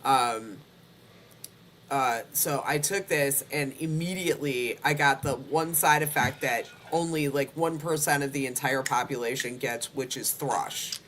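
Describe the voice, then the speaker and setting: A woman's voice: rumbling low, measured pace, a bit bright, a little hiss or hum. A woman co-hosting a casual online talk show, telling personal stories with frequent laughter. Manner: chatty storyteller, laughs often. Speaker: podcast co-host. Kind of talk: casual chat.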